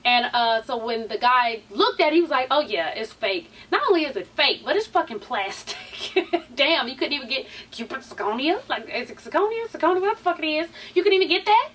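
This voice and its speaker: A woman's voice: high-pitched, animated, brisk, a bit bright, distant mic, a little hiss or hum. Sassy woman chatting in a recap vlog. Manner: chatty and sassy, swears freely, says "honey" and "sweeties" a lot. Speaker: YouTube TV show recap host. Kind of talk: casual reality TV recap vlog.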